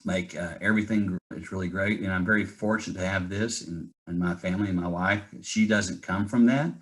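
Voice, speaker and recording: A man's voice: deep voice, fairly even intonation, a little fast, rough recording. A middle-aged man, a real estate investor, telling his story in an interview with earnest, candid energy.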